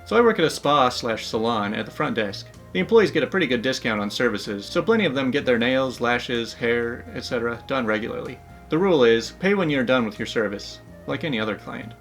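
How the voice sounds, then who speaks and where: A man's voice: medium pitch, lively intonation, brisk, few pauses, a bit bright, faint music behind. A man hosting a story channel, narrating online stories in an upbeat, chatty way. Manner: upbeat, chatty, laughs between asides.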